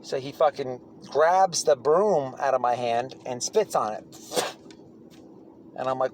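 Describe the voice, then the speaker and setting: A man's voice: medium pitch, measured pace, long pauses, a little hiss or hum. A man telling stories from prison in a casual, blunt monologue, swearing freely and often restarting his sentences. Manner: blunt, profane, rambling with restarts.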